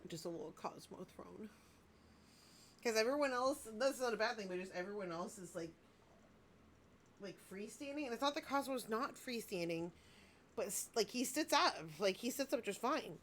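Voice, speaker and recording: A woman's voice: on the high side, lively intonation, moderate pace, fairly bright tone, a little hiss or hum. A woman in her thirties, a vlogger gushing and rambling in casual chat about handmade gifts she received.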